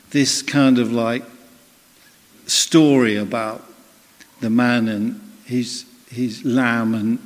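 Male preacher, mid-pitched, chatty storyteller, voices the people he quotes, church hall reverb. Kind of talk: sermon with personal anecdote.

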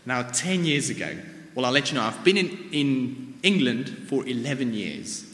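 A man's voice: mid-range voice, expressive, normal speed, a bit bright, slight background noise. A man in his thirties from South Africa, with a South African accent and Afrikaans as his first language, giving a sermon as informal personal storytelling. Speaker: church speaker. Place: church. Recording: reverberant church hall.

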